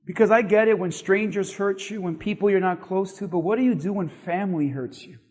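Male pastor, high voice, emphatic and repetitive sermon delivery, recorded in a reverberant hall. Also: a little fast. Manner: animated, emphatic preaching with repetition.

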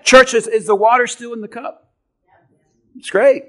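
Male pastor, sermon, high-pitched, animated, loud and soft in turns. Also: normal speed. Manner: animated, swings from quiet asides to shouting. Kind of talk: sermon with object lesson.

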